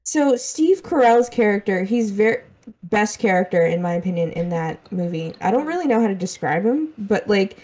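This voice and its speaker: Relaxed young woman co-host, mid-pitched voice, easy laughing delivery. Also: normal speed. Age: young adult. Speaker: podcast co-host. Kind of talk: casual chat.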